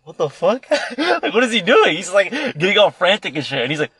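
A young man spins a rambling, profanity-laced story in loose podcast chat, acting out everyone's lines. His voice sits a little high for a man, and the sound is close and dry with no room echo. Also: wildly swooping pitch, fairly quick, pushed and bright, husky. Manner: rambling, heavy swearing, acts out quoted voices. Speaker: podcast co-host. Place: indoor room, podcast recording.

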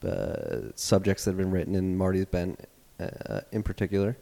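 Man, podcast host, very deep voice, rambling and earnest, casual chat, long reverb. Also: very animated, normal speed, vocal fry, dark tone. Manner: earnest, rambling, swears freely.

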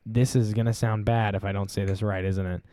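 A man's voice: on the low side, little pitch movement, brisk, mellow, no echo, studio quality. A young man hosting a casual solo podcast, rambling and self-deprecating as he chats. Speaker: podcast host.

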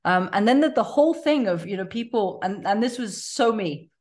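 A woman's voice: medium pitch, expressive, normal speed, a little mellow. Earnest middle-aged woman with many fillers. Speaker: life coach guest. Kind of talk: casual podcast interview.

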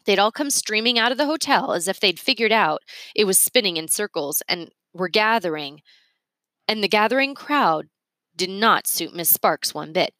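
A woman reading a children's storybook aloud with expressive, animated narration. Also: mid-range voice, moderate pace, no echo.

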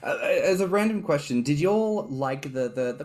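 A man's voice: fairly high pitch, animated, normal speed, darkish tone. A man co-hosting a podcast in a campy, playful, teasing manner. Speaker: podcast co-host. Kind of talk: casual chat.

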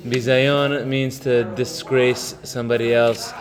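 A man giving an informal Torah lesson, talking conversationally, mixing in Hebrew terms and telling stories with halting fillers. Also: mid-range voice, level tone, crowd noise. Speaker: Torah class teacher. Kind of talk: informal religious lesson with storytelling.

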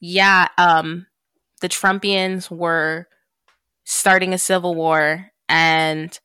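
A woman with a bright, forceful voice and a fairly low pitch talks casually as a podcast host. She tells a long story, swearing freely and laughing along the way. The sound is close and dry, with no room echo. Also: little pitch movement, drawn-out words, smooth. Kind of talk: casual chat.

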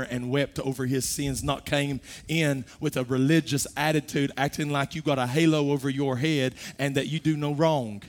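A middle-aged man preaching a sermon, his voice swelling from soft to loud as he makes his point. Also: mid-range voice, fairly even intonation, normal speed, hardly any pauses. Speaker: pastor.

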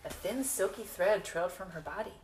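A woman reading picture books aloud to a toddler in a playful, sing-song way, sometimes dropping to a hush. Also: medium pitch, a little fast, a little hiss or hum. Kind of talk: animated picture-book read-aloud.

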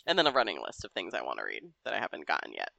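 A woman's voice: extremely low pitch, huge pitch swings, very fast, gravelly, bright, forceful tone, dry recording, highs cut off. A woman from Massachusetts hosting a book podcast, upbeat as she wraps up the episode. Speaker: podcast host. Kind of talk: casual chat.

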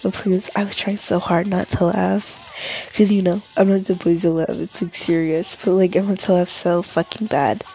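A woman's voice: lowish voice, steady tone, normal speed, dark tone, rough recording. A teenage girl telling a rambling, casual story, full of fillers and swearing.

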